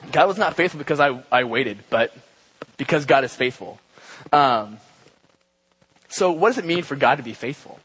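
A young man giving a relaxed, conversational church talk, with many fillers and asides. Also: medium pitch, slightly rough, rough recording. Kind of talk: casual sermon. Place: church gathering.

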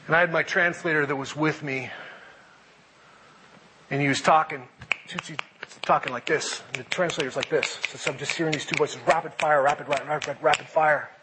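A middle-aged man preaching a sermon, animated, moving between loud emphasis and quiet reflection. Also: medium pitch, a little hiss or hum, low-quality recording. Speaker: pastor.

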